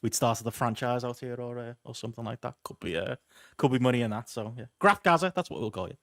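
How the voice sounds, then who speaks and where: A man hosts a podcast at a rapid clip, rambling through his thoughts with plenty of fillers and reading out comments from the live chat. The sound is dry and close, with no room around it. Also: mid-range voice, fairly bright tone, no room sound. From Liverpool, England. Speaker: podcast host.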